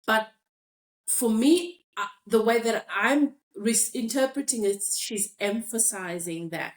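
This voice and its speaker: South African woman, podcast host, slow unhurried delivery, reflective tone. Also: on the high side. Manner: thoughtful, reads listener comments aloud. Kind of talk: casual discussion.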